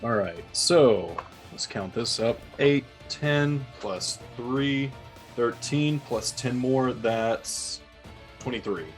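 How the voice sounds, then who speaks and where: A man playing a tabletop game, counting his dice rolls out loud and asking the dungeon master questions. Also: mid-range voice, takes it slowly, soft background music. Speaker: player. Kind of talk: casual tabletop play.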